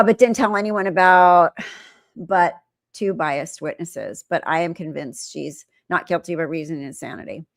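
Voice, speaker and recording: A woman's voice: low voice, vocal fry, dry recording. Middle-aged woman host, casual chatty commentary, close and dry. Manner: chatty, animated storytelling. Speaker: live stream host. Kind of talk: casual live commentary reading chat.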